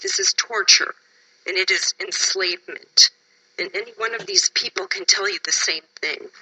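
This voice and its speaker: A woman from Wisconsin testifies at a public hearing, tired and emotional. Her voice is very bright but husky. She pleads with the panel and at times sinks to a whisper. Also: fairly low pitch, normal speed, rough recording. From Wisconsin, USA.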